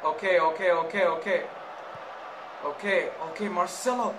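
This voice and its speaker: A man commentating his own football management game, talking casually, nervous and excitable, swinging between mutters and shouts. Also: sits high, moderate pace, reverberant, noisy background. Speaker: gaming YouTuber. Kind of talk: Let's Play commentary.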